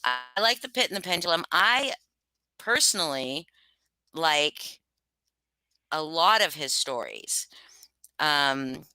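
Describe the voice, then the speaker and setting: A woman chats casually with her livestream viewers, rambling and self-conscious, full of fillers. Her voice is low but bright and forward. The tone is smooth and crisp. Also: expressive, slow, pauses often, no room sound. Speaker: livestream host reading stories.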